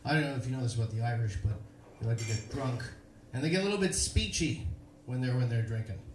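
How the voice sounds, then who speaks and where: A young man performing a stand-up comedy set on a club stage, delivering deadpan stories with punchlines. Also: mid-range voice, fast, a little hiss or hum. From Chicago, USA. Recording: echoey live club room.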